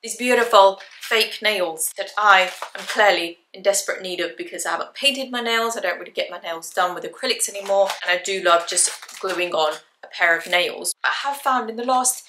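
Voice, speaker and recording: A woman's voice: mid-range voice, moderate pace, few pauses, bright, forceful tone, roomy sound, slight background noise. A young woman, chatting upbeat to camera about a shopping haul, her voice jumping up whenever she says a price. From England. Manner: chatty, upbeat, voice jumps up when saying prices. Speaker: fashion haul vlogger. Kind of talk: casual haul chat to camera.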